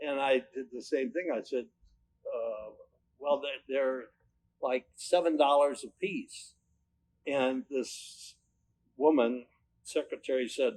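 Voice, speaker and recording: A man's voice: mid-range voice, animated, slow, creaky, long pauses, darkish tone, rough recording. An older man, a company owner, recounting personal anecdotes in a rambling way, often restarting and circling back with "but anyway".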